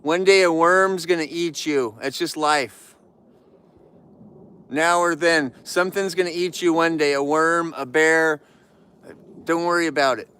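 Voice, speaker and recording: A man's voice: on the high side, steady tone, unhurried, long pauses, sharp tone, clean tone. Joking man livestreaming from his yard. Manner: joking, playful, chatty with viewers. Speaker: livestream host. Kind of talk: casual live chat to viewers.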